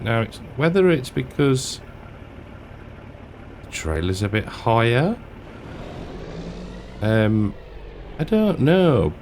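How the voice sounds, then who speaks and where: An Englishman who hosts a gaming channel rambles casually through a farming game, chatty and self-deprecating. His voice is fairly low with a darkish tone, picked up by a desk mic with headphones amid slight background noise.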